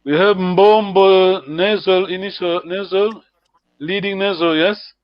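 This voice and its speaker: Slow, patient man teaching over a call. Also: sits high, steady tone, dry recording. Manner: patient, encouraging, laughs often. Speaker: language teacher. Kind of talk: online language lesson. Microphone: video call. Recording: dull lo-fi video call audio.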